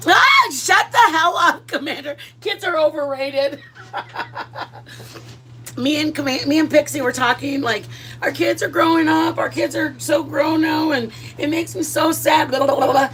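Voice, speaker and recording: A woman's voice: on the high side, fairly bright tone, a little hiss or hum. A middle-aged woman vlogging in a rambling, chatty, self-deprecating way while she cooks at home. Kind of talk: casual chat.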